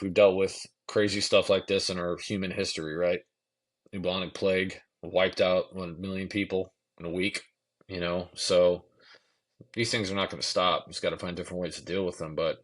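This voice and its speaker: A man's voice: sits low, fairly bright tone. A man in a podcast talk, telling a personal story in a loose, casual way, acting out what people said and swearing now and then. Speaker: podcast guest.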